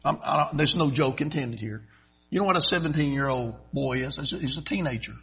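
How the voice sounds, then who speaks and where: Bright, husky-voiced folksy preacher man. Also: medium pitch, low-quality recording. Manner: folksy, emphatic preaching with sudden loud swells and slow drawn-out phrases. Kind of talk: sermon.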